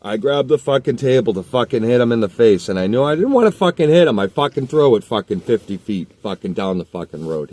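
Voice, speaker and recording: A man's voice: mid-range voice, sing-song, a little fast, few pauses, darkish tone. A man telling a heated personal story in casual speech, cursing constantly and rambling with restarts. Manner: heated, heavily profane storytelling. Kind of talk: casual spoken anecdote.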